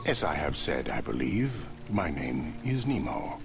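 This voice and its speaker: An actor playing an elderly male Jedi caretaker who speaks in a calm, formal, measured way. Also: a bass voice, gravelly, over music, heavily acted.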